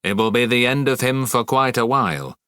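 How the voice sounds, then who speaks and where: A man's voice: medium pitch, animated, a little fast, sharp tone, clear, resonant tone, no echo, clean studio sound. A man voicing a cold, commanding female witch assassin in an audiobook, with grave and clipped delivery. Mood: stern.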